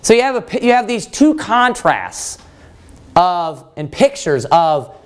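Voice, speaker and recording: Male preacher, slightly high voice, lively pitch, Bible study sermon, rhetorical questions. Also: unhurried, smooth. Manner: animated, quotes scripture, asks the room questions.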